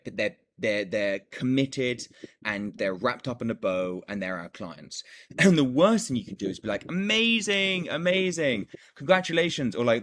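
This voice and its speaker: A man with a fairly low voice talks through how to close a sales call. He speaks casually and with energy, repeats his key points, and acts out lines of dialogue as he explains. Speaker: coach teaching sales calls. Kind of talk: casual teaching monologue.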